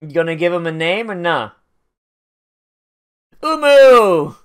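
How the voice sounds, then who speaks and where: A man's voice: on the high side, quick pace, a bit bright, clear, resonant tone. A man giving profane, sarcastic watch-along commentary on an anime, mock-angry and swearing often. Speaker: anime reactor.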